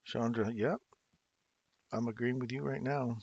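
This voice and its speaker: A man's voice: mid-range voice, steady tone, unhurried, vocal fry, darkish tone, no echo, lo-fi sound. A man in his fifties, originally from England, hosting a casual trading livestream, chatting with viewers by name and laughing often while reading charts. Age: 50s. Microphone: desk mic, moved close.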